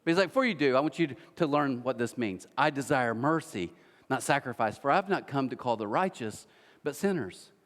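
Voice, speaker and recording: A man preaching a sermon, telling a story with lively quoted voices and frequent restarts. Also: medium pitch, brisk, big-room sound. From United States. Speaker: pastor. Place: church auditorium.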